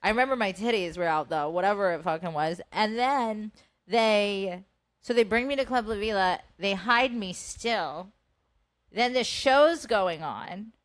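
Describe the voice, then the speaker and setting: A woman in her thirties chatting on a podcast, her voice sitting at an ordinary middle pitch. She tells stories in an animated way, swears freely and slips into the voices of the people she quotes. The sound is close and dry, with no room around it. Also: measured pace, no room sound. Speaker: podcast co-host. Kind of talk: casual storytelling chat.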